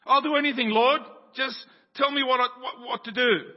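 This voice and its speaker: A preacher voicing a desperate man clinging to a cliff, yelling and pleading in a raised voice. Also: fairly even intonation, normal speed. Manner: panicked yelling and pleading, voice pitched up. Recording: dull sound with long church reverb.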